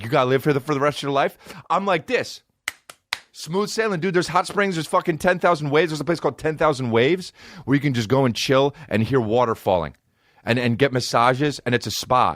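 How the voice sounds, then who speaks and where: Male comedian host, profane ranter, lively pitch, dry close sound. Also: no room sound. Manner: profane, animated, swings between loud outbursts and low mutters. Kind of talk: ranting comedic monologue.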